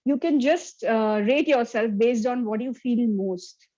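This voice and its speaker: A woman gives an interactive lecture over a video call, her voice sitting a little high. She keeps turning to her listeners with questions. The call audio sounds dull and lo-fi. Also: a little slow, warm tone. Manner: interactive, checks in with the audience often. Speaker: workshop presenter. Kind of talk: online lecture.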